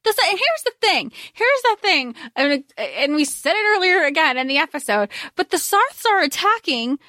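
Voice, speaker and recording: A woman of medium pitch whose voice rises and falls a lot, recorded dry and close. She chats casually on a book podcast, thinking aloud and gathering her words as she goes. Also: very animated, normal speed, pushed and bright, no room sound. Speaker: podcast co-host. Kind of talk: casual book discussion chat.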